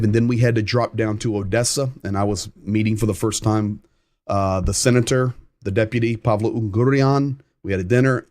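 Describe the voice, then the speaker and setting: A man with a Southern American accent hosting a live-stream news update, talking conversationally, reading viewer comments and often pausing with "um.". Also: fairly low pitch, darkish tone, dry recording, clean studio sound. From United States.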